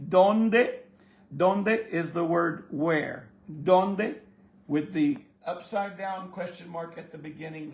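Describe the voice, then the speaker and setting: A man giving a casual spoken language lesson as the teacher, folksy and encouraging, with joking asides. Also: a little high. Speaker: Spanish teacher. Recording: echoey room.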